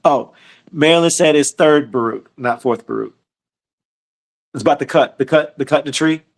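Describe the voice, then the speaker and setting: Slangy, fairly high-voiced male preacher. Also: moderate pace, creaky. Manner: conversational and slangy, often repeating words. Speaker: teacher leading a scripture study. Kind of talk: casual sermon on a livestream.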